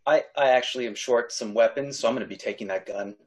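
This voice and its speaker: A man's voice: mid-range voice, quick pace, darkish tone, a little hiss or hum. A man playing a tabletop game, playful and speaking in character. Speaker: player.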